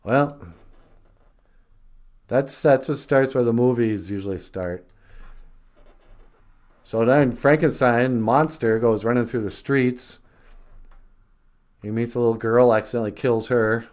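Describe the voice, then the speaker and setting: A man's voice: mid-range voice, measured pace, pauses often, darkish tone. A man co-hosting a podcast, retelling a story casually and rambling, with many restarts. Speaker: podcast co-host.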